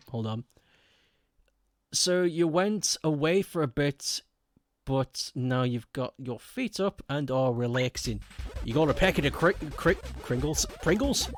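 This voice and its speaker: A man's voice: on the high side, expressive, takes it slowly, soft background music. A man chatting casually with his viewers while streaming a game, often laughing. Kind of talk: casual live-stream chat while gaming.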